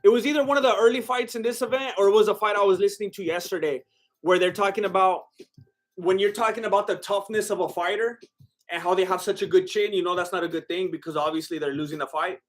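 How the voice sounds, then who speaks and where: A man's voice: high-pitched, steady tone, quick pace. A young man giving casual live fight commentary as a streamer, exclaiming at big shots and chatting with his viewers.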